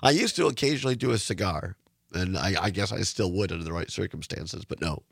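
A middle-aged male radio host speaks in a hoarse, raspy voice, gravelly and rough at the edges. He talks casually, circling back and repeating himself, close on a dry studio mic. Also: low-pitched, expressive, fast, a bit bright, dry recording. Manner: rambling, repeats words, chuckles. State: hoarse from sinus trouble. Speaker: radio talk show host. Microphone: studio microphone.

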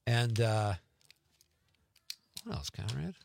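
A gravelly, medium-pitched voice comes from a middle-aged radio host in a studio, speaking into a studio microphone. He reads out listener texts casually and jokily, reacting in a quick, lively way.

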